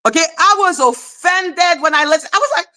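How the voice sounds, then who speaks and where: A woman hosting a commentary livestream, ranting with heavy profanity and mockery, breaking into shouts. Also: extremely high pitch, animated, a little fast. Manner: profane, mocking, shouts in outbursts. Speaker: commentary channel host. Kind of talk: heated livestream rant.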